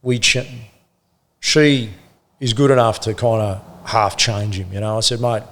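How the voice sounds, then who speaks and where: A middle-aged Australian man, a former police officer, telling animated stories in casual conversation and acting out the people he quotes. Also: lowish voice, unhurried. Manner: animated anecdotes, acts out quoted voices, laughs often. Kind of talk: casual storytelling.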